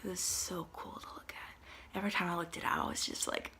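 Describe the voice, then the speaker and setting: Chatty young woman with a gravelly edge. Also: on the low side, brisk, in a whisper. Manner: chatty, animated retelling with lots of fillers. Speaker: vlogger. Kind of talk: casual storytelling to camera. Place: travel spots in Italy, some clips outdoors.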